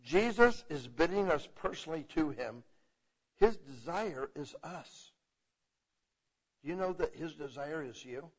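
On a muffled, lo-fi recording, a preacher with a husky, somewhat high voice teaches the Bible at a measured pace broken by long pauses. His style is loose and animated, and he repeatedly asks "okay?" to get his listeners on board.

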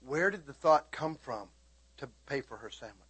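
A middle-aged male preacher telling a story in a lively, animated sermon, often shouting and laughing as he speaks to the congregation. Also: medium pitch, normal speed, a little hiss or hum.

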